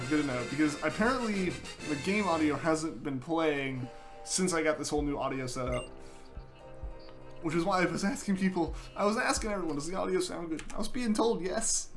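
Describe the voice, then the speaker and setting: Chatty young man streaming a game. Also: fairly high pitch. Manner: chatty and easygoing, with frequent fillers. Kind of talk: casual live-stream chat, reading viewer messages aloud. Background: game music playing.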